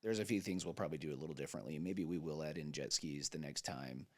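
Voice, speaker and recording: A man's voice: a bass voice, fast talker, dry recording. A man in his thirties co-hosting a casual podcast chat, rambling and jokey, often trailing off and restarting. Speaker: podcast co-host.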